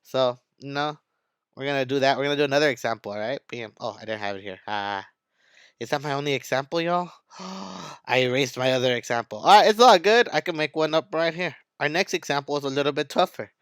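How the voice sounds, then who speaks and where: A man's voice: on the high side, quick pace, a bit bright, clear, resonant tone, dry recording. A man teaching math in a video lesson, hyped and playful, talking straight to his students.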